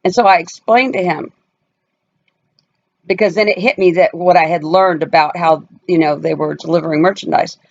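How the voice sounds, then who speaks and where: A woman's voice: on the low side, normal speed, darkish tone. A woman tells a personal story straight to her viewers, casual and emphatic. She hammers her points home and slips into other people's voices as she quotes them. The sound is somewhat dull and lo-fi. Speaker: family vlogger.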